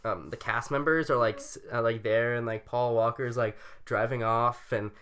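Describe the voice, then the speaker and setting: A young man with a bright, ringing voice rambles through a casual podcast story. He piles up filler words and laughs often, talking at mid pitch into a studio mic. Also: normal speed, clean tone. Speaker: podcast co-host. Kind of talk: casual chat.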